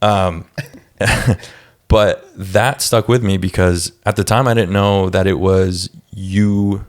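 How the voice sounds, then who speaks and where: Deep-voiced young male podcast host. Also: takes it slowly. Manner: relaxed, loose, with frequent fillers. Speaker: podcast host and former student. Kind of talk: casual interview chat.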